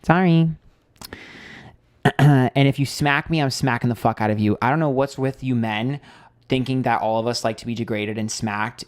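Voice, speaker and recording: A man's voice: medium pitch, moderate pace, dry recording, clean studio sound. A man reading tarot on a live stream, chatting casually, blunt and candid, ranting with swearing and lots of fillers.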